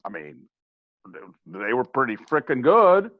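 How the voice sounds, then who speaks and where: A man's voice: mid-range voice, huge pitch swings, measured pace. Older man explaining emphatically, lo-fi. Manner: emphatic, matter-of-fact explaining. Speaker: guest, former ballplayer and hitting coach. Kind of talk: casual podcast conversation. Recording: slightly dull, lo-fi sound.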